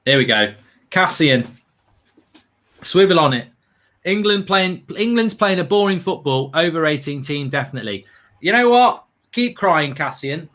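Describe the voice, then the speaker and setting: Animated ranting male football host. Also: on the high side, unhurried. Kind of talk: live football watchalong banter.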